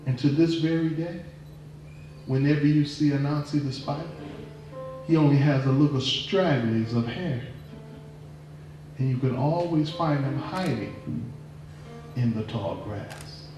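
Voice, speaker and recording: A man telling a folktale live at a performance venue, expressive and dramatic, drawing out words. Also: medium pitch, a little slow, pauses often, music in the background. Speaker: storyteller. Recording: echoey room from a distant mic.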